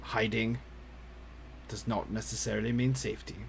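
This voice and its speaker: A man playing a stern older professor in a tabletop game, speaking gravely. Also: fairly low pitch, little pitch movement, a little hiss or hum. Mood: solemn. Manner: grave, slow warning delivery. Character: stern old male professor, solemn and measured. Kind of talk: tabletop role-play.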